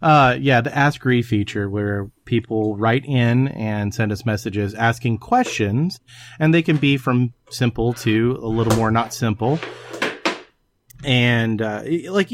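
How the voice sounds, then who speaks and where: A man's voice: mid-range voice, measured pace, a little hiss or hum. A man hosting a casual hobby podcast, joking and swearing freely between laughs. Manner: joking, profane, laughs often. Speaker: podcast host.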